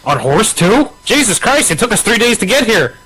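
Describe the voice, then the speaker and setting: A man playing a tabletop game who keeps cracking jokes. His voice is high and swings widely in pitch. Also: sing-song, normal speed, bright, forceful tone, breathy edge, no room sound, low-quality recording. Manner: joking, teasing. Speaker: player. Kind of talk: casual game chat.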